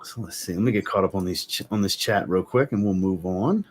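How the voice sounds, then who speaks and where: A man's voice: deep voice, a little fast, a little hiss or hum. A man hosting a casual livestream, reviewing fragrances and reading out chat comments in an easygoing way.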